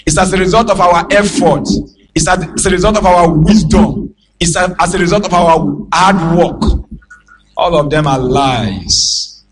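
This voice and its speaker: A man with a Nigerian accent preaching a sermon as a pastor, emphatic and calling out to the congregation for responses, with bursts of shouting. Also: high voice, measured pace, rough recording.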